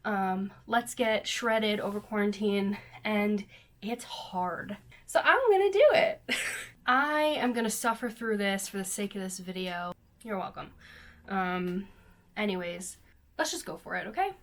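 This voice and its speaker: A woman's voice: medium pitch, a little slow. A young woman chatting casually to her camera in her bedroom, bubbly and self-deprecating. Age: young adult. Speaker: vlogger. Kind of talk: casual vlog chat. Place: bedroom at home.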